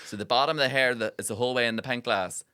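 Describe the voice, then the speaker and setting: A man's voice: medium pitch, rapid-fire, sharp tone, clean tone, dry recording. A man, co-hosting a casual podcast, telling a story animatedly with lots of fillers and swearing. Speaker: podcast co-host. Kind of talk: casual chat.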